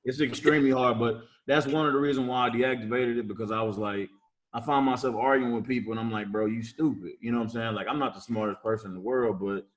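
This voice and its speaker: A man co-hosting a podcast, talking reflectively in casual banter, his voice dropping softer at the ends. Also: medium pitch, fairly even intonation, fast talker, rough recording. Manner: reflective, drops quiet at ends. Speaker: podcast co-host.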